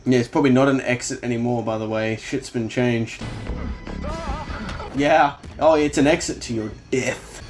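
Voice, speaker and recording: A man's voice: mid-range voice, steady tone, normal speed. A man hosting a casual film reaction, exclaiming and swearing freely as he comments, with the film's music playing behind him. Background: film soundtrack playing.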